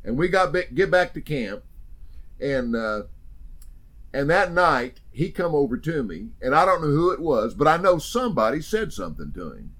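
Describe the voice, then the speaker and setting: A man's voice: a little high, very animated, normal speed, fairly bright tone. A man telling a hunting story as a guest in an interview, emphatic and rambling with many restarts.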